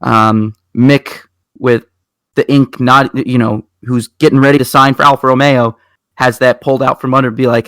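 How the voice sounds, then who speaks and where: Man, racing show co-host, casual rambling storyteller, mid pitch, dry close sound. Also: moderate pace, smooth, dry recording. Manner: rambling, animated storytelling with restarts. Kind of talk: casual chat.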